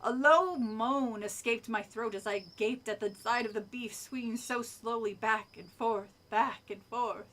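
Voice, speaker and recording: A woman reading a spooky kids' book aloud on a live stream, stopping often to chat and comment. Her voice is bright and sits a little high. The reading is casual and animated. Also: unhurried, few pauses.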